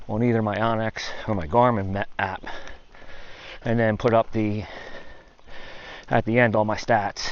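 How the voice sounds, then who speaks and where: A man out of breath, chatting casually to his camera while climbing a steep mountain trail, swearing now and then. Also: mid-range voice. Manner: chatty, swears casually, puffing between phrases. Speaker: hiking vlogger. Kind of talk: casual vlog narration while hiking. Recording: dull lo-fi camera audio with faint noise.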